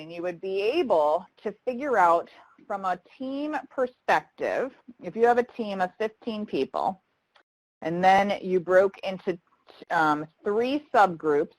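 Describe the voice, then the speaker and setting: Woman, trainer, live online session, low-pitched, dry close sound, conversational, reads comments aloud. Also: no echo, poor audio.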